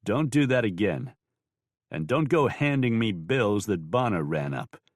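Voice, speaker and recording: A man voicing a tough, blunt new sheriff in an audiobook, curt and flat in delivery. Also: lowish voice, measured pace, dry recording, clean studio sound. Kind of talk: audiobook character voice.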